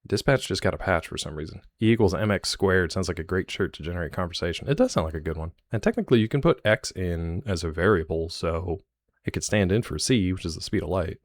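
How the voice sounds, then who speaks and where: Low-voiced guy streaming live, jokey rambling chat, dry close sound. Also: lively intonation, quick pace, dry recording.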